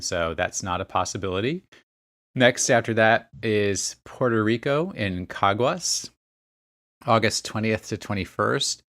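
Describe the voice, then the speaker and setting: Low-voiced man hosting a casual podcast. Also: a bit bright, no echo. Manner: reads out a list of places and dates, chatty with small asides. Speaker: podcast host.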